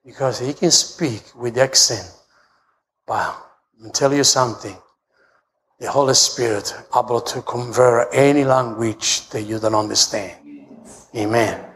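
A middle-aged man pastor with an Italian accent, preaching a sermon in broken English and rising to shouts. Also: unhurried, slight background noise. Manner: shouts and rises to high pitch when preaching; broken English, storytelling with humor.

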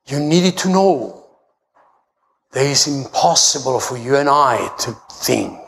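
A middle-aged man pastor with an Italian accent, preaching a sermon in broken English and rising to shouts. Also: lively intonation, takes it slowly, vocal fry, long pauses. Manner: shouts and rises to high pitch when preaching; broken English, storytelling with humor.

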